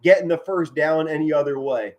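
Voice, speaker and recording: A middle-aged man giving excited live football play-by-play from home, shouting big plays and chatting warmly with his viewers. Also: fairly high pitch, fairly quick. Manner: enthusiastic, yells touchdown calls, chatty and sentimental with viewers. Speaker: amateur play-by-play commentator streaming live.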